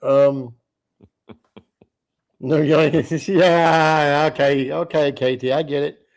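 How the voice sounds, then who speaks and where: Speaking very slowly in a steady, slightly high voice, a livestream host yawns and sounds worn out. He rambles on casually, curses freely, and reads chat messages out loud.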